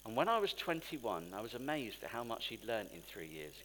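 Animated man preaching in a hall. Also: on the low side, brisk, slight background noise. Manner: conversational, animated storytelling with asides. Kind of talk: sermon. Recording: long hall reverb.

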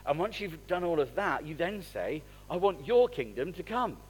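A middle-aged man delivers a sermon with a high, expressive voice. His pitch leaps and falls constantly as he moves between quiet, confiding asides and loud, emphatic bursts, keeping a chatty, conversational tone throughout. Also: normal speed, breathy edge, rough recording. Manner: animated, conversational preaching with wide swings in loudness. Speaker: pastor.

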